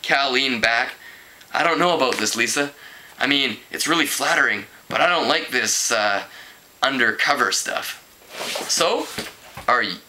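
Bright-toned man reading a novel aloud. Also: poor audio. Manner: stumbling over words and correcting himself; voices characters with raised pitch. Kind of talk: casual read-aloud narration.

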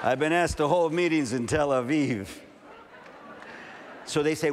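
A man's voice: fairly high pitch, a little slow, long pauses. A male pastor in his fifties, from California, delivers a sermon at a large camp meeting. He tells stories with animation and acts out the voices in his dialogue. His voice rings with a long hall reverb over a faint background hum. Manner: animated storytelling, acting out dialogue.

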